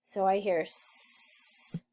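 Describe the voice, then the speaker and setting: A woman leads a children's phonics lesson at a very slow, measured pace. Her pitch sits in an ordinary middle range. She sounds out letters and syllables one at a time and keeps praising the listener. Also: huge pitch swings, mellow, a little hiss or hum. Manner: patient, encouraging, sounds out words and letters. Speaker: teacher.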